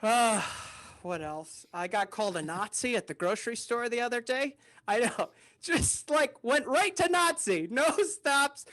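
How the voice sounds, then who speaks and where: A man's voice: sits high, fairly bright tone. Rambling man telling a stand-up bit. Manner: rambling, chuckling at his own jokes. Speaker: comedian. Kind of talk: stand-up comedy set.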